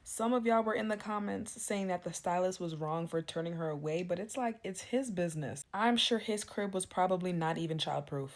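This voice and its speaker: A woman speaks in a sassy, matter-of-fact way. Her voice sits somewhat low for a woman. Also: a little fast, few pauses. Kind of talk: casual reaction commentary.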